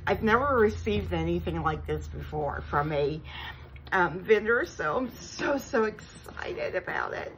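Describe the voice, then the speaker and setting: A woman, vlogging an unboxing with gushing, breathless excitement and frequent gasps. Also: mid-range voice, slight background noise, low-quality recording. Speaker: crafting vlogger. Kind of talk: unboxing vlog chat.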